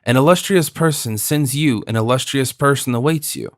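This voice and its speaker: A man's voice: mid-range voice, normal speed, no echo, studio quality, natural voice. A man voicing a spirited young wife in an audiobook, scornful and pleading by turns, his voice lifted for her. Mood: earnest. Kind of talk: audiobook character voice.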